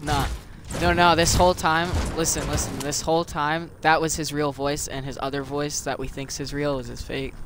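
A man's voice: a little high, little pitch movement, normal speed, few pauses. A man live-streaming a video game, chatting casually and teasing his teammates in joking banter. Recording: noisy stream audio.

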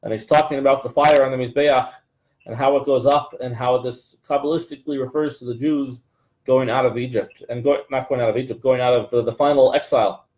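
A man's voice: mid-range voice, steady tone, brisk, a little mellow, rough recording. A man teaching a live Torah class, reading Hebrew lines and then translating them, with frequent restarts and fillers. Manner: reads Hebrew text then translates, many restarts and fillers, jokes aside.

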